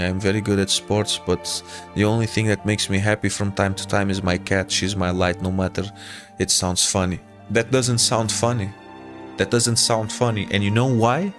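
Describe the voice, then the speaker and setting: A man with a Portuguese accent, a native Portuguese speaker, chatting casually with viewers as a game streamer, repeating himself and calling people brother. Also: on the low side.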